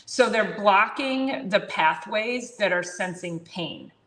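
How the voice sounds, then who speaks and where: A woman in a casual health chat, telling a story about a patient with lively swings in her voice and acting out each side of the dialogue. The sound is roomy, with clear echo around her voice. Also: mid-range voice, slow. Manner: animated, acts out both sides of a conversation. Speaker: chiropractor and podcast host.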